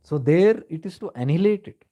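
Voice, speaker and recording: Guy giving a calm spiritual talk, warm mellow voice, chatty storytelling style. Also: a little high, a little fast. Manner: reflective, conversational storytelling, mixes in Hindi phrases. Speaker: spiritual teacher. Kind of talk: spiritual discourse.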